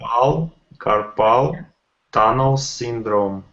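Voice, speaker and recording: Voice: mid-range voice, slow pace, fairly bright tone, echoey room, dull audio. A student making tentative, questioning attempts at a pronunciation.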